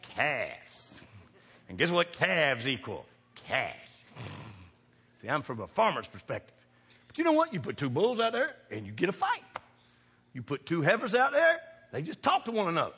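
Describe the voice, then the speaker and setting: A preacher, a man, works his congregation in a folksy sermon, dropping to quiet asides and then rising to shouts. His voice sits high and bright with a husky grain. The sound carries the long reverb of a church sanctuary. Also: huge pitch swings, moderate pace, pauses often. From American farm country. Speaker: pastor. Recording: reverberant hall.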